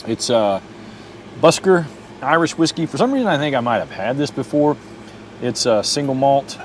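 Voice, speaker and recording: This camping vlogger, a middle-aged man from Oklahoma, has a medium-pitched, expressive voice and a normal speed. His casual vlog rambles as he moves in and around his truck at a campsite, talking to his dog while bugs buzz faintly behind.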